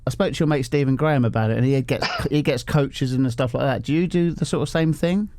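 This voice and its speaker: A man's voice: mid-range voice, quick pace, darkish tone, no room sound. A man joins a podcast chat as co-host. He is enthusiastic and laughs easily as he talks. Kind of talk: casual chat.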